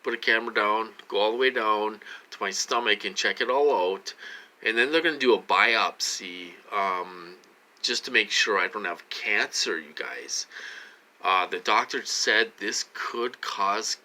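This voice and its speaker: Middle-aged guy vlogging, lowish voice but real sharp and tense, keeps repeating himself, bit out of breath. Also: a little slow. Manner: rambling, repetitive, addresses viewers often. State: short of breath. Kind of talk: casual vlog monologue.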